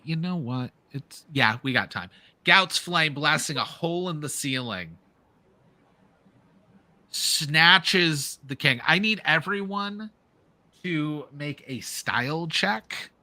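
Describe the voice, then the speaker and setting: A man's voice: on the high side, lively intonation, slow pace, pushed and bright. A man narrating a tabletop game as game master, improvising energetically.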